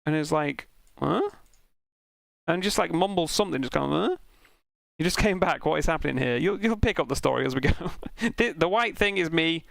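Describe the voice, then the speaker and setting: Gravelly man telling a story. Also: a little high, quick pace, few pauses, dry recording. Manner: animated, swearing, self-mocking anecdote with laughs. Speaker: sim racing streamer. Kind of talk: casual storytelling while streaming.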